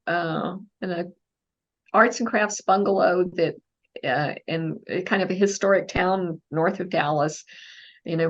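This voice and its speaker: Slow-talking Texan woman, muffled audio. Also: on the low side. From Texas, USA. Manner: thoughtful, with many fillers and restarts. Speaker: mystery novelist guest. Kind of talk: casual interview answers.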